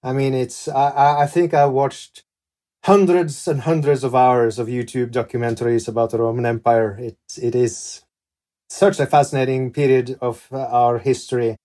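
A man's voice: medium pitch, flat delivery, normal speed, warm tone. A man hosting a podcast interview, mixing casual questions with passages read from prepared notes. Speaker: podcast host.

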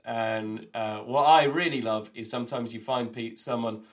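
A man's voice: mid-range voice, steady tone, normal speed. A man co-hosting a comedy podcast over a remote call, rambling enthusiastically through trivia with lots of fillers and restarts. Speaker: co-host. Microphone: remote call, recorded on own end.

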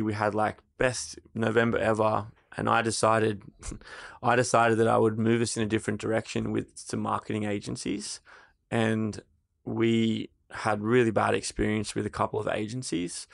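Gravelly Australian man telling a candid story. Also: lowish voice, flat delivery, moderate pace, dry recording, clean studio sound. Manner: candid storyteller, swears casually. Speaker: co-founder of a fragrance brand. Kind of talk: casual interview chat.

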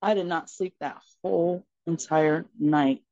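A woman guest on a podcast, telling a personal story in an earnest, expressive way. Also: fairly low pitch, unhurried, no room sound. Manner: earnest and expressive, acting out dialogue in her story. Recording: slightly muffled, dry recording.

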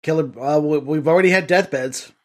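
Man, podcast co-host, slightly high voice, dry quipping sidekick in casual chat. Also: fairly quick. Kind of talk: casual movie riffing chat.

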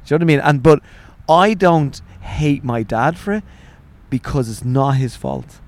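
A man's voice: on the high side, expressive, moderate pace. A man with an Irish accent, in his forties, telling swearing, laughing anecdotes about his family in a casual interview. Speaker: guest, author.

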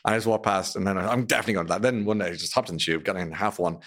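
A middle-aged Irish man speaks in a fairly low voice, talking casually as an interview guest. He tells his stories with energy and acts out what other people said in raised, playful voices. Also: racing. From Ireland. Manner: animated storyteller, acts out quotes in raised voices. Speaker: radio presenter.

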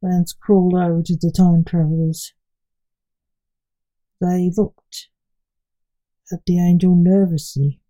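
A woman reading a story aloud in a steady, even storybook narration. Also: on the low side, slow, pauses often, rough recording.

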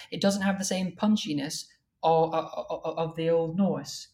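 A woman translator in an academic conversation, explaining her work carefully and reading verse lines slowly and deliberately. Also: lowish voice, a little mellow. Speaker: translator of Old Norse verse.

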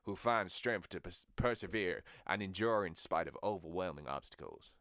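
A man putting on a Southern American accent for an earnest hero, speaking slowly and earnestly. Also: sits low, animated, a bit bright, no echo, studio quality.

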